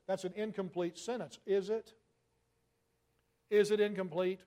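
A man's voice: high voice, fairly even intonation, warm tone. Emphatic man preaching a sermon. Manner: emphatic, rhetorical questions, slow stressed phrases.

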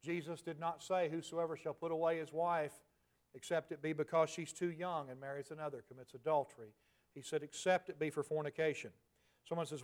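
A man in his forties preaching a sermon in a conversational way, dropping to soft, emphatic asides. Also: on the high side, fairly even intonation, fairly quick. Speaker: pastor.

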